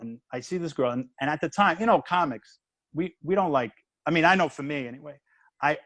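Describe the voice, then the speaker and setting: A medium-pitched man in his fifties, a comedian who became a minister, tells a story in a casual chat with no echo. He makes quick restarts and acts out the dialogue.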